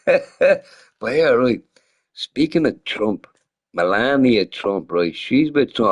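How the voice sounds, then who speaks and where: This man's lowish voice has lively intonation, but he takes it slowly and pauses often. Slightly drunk and streaming a game, he rambles in casual chat, swearing a lot and laughing often.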